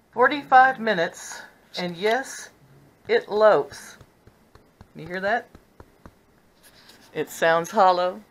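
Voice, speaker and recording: Lively chatty older woman vlogger. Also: mid-range voice, measured pace, long pauses, poor audio. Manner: chatty and giggly, lively sing-song. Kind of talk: casual home vlog.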